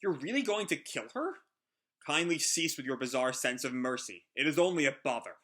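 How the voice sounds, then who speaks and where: A man reading aloud the quick, formal lines of a stern, coldly polite royal official. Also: mid-range voice, expressive, fairly bright tone, close to an everyday voice.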